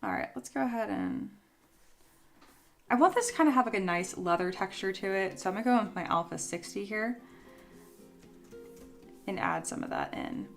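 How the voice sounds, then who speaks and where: A young woman hosting a casual sculpting livestream, chatty and answering viewers, her voice a little rough as she recovers from being ill. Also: mid-range voice, lively intonation, moderate pace, pauses often, faint music behind. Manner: chatty, reads chat aloud and answers. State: voice still recovering from illness.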